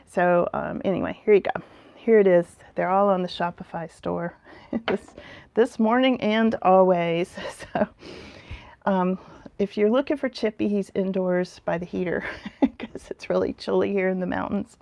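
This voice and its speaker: A woman's voice: mid-range voice, steady tone, a little slow, creaky, a little mellow, no room sound. A woman hosting a live tarot stream outdoors in the mountains. She chats casually, laughs often and greets viewers by name.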